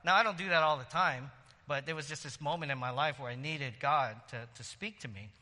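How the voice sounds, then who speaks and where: A man preaching a sermon in a lively, conversational way, with quick asides and laughter. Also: fairly high pitch, long reverb tail. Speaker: pastor.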